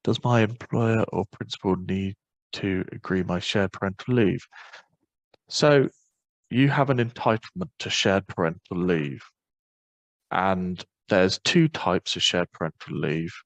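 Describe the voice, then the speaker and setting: Low-voiced man presenting a webinar. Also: animated, vocal fry, dry recording, muffled recording. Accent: Northern Irish. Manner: quick, informal explaining with many fillers. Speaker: webinar presenter on parental leave.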